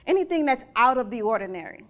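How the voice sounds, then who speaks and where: A woman giving a conversational keynote talk, earnest and animated, putting questions to her audience. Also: a little high, quick pace. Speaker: keynote speaker.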